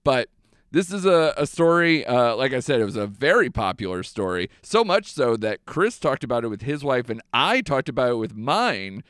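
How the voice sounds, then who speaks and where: A man's voice: mid-range voice, sing-song, moderate pace, a bit bright, dry recording, clean studio sound. A young man hosting a movie podcast, chatting casually and animatedly with lots of fillers. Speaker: podcast host.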